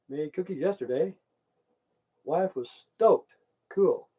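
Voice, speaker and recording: Older guy ranting on his livestream, cusses a lot, dark mellow voice, goes loud then mumbly. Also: medium pitch, normal speed, long pauses. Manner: rambling, profane, swings loud and quiet. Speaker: livestream host chatting with viewers. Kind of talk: rambling casual livestream rant.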